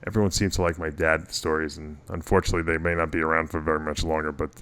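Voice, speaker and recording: A middle-aged podcast host with a low but bright, forceful voice hosts a casual radio chat. Talking fast with a flat delivery, he rambles through long personal stories, repeatedly stopping and restarting his sentences.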